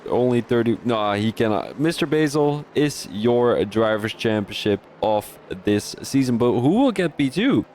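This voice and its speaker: Man, sim-race streamer-commentator, excitable, trips over his words, faint hiss behind. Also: medium pitch, measured pace, few pauses. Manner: excitable, rising sharply at overtakes, many restarts. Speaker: sim racing league commentator.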